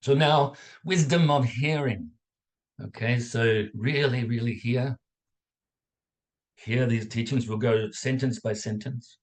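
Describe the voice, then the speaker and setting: A man leading a guided contemplation lesson as a dharma teacher over a video call, calm and measured, pausing between phrases and checking in with "okay?". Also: mid-range voice. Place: home setup on a video call. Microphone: video call mic.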